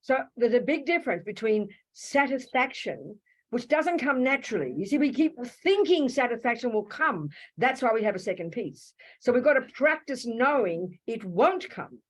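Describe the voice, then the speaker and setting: A woman's voice: on the high side, very animated, moderate pace, husky, rough recording. An Australian woman teaching a Buddhist class, blunt and direct, calling listeners sweetheart and darling. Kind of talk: teaching a live Q&A session. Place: meditation hall with an audience. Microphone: handheld microphone.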